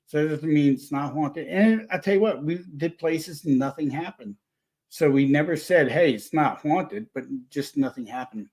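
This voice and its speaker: Give me a chatty man telling a long story, animated and a bit high. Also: moderate pace. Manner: rambling, animated storyteller with restarts. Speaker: paranormal investigator guest. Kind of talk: casual storytelling chat.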